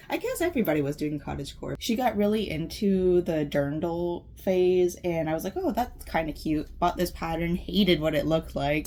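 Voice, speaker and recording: Young Southern-accented woman, sewing vlogger, bubbly and rambling, slightly low voice. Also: mellow. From American South. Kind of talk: casual vlog chat.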